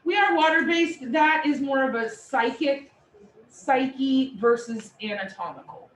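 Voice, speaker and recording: A woman instructor giving a lively, playful classroom lecture. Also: high voice, unhurried. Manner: animated, playful explanations. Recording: echoey room, distant mic, faint noise.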